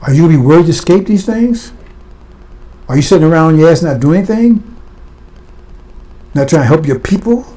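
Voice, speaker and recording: Guy preaching hard, fiery and blunt, keeps throwing questions at ya, kinda high-ish voice. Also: animated, a little fast, long pauses, mellow. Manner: impassioned, blunt, fires rhetorical questions at listeners. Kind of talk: fiery sermon.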